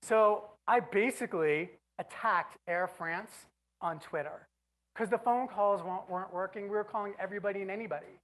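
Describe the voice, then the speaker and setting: A woman giving an animated, exasperated on-stage storytelling speech, now and then breaking into shouts. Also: medium pitch, normal speed, rough recording. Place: stage before an audience.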